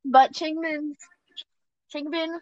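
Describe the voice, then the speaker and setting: A young woman with a fairly high voice chats casually from her bed, rambling and giggling and stopping to correct herself. The sound is dry and close, with little room around it. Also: steady tone, takes it slowly, no echo, muffled recording. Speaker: podcast co-host. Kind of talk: casual chat.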